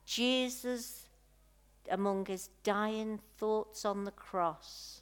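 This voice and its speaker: A woman preaching a sermon, telling a personal story in a slow, heartfelt way with soft pauses. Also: medium pitch, clear, resonant tone.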